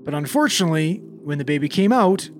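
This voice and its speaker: A man's voice: fairly high pitch, expressive, a little fast, slight background noise. A young man, a paramedic, casually telling a call story, swearing freely and acting out the dialogue.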